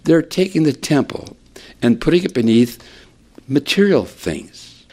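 A man preaching a sermon with animated delivery, climbing in pitch for emphasis and dropping to a hush, often repeating words as he restarts. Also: a little slow.

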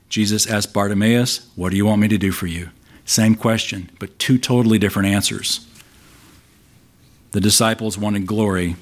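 A man's voice: on the low side, a bit bright. A man pastor preaching an expository sermon, emphatic and asking rhetorical questions of his listeners. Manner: emphatic, shifts volume for stress.

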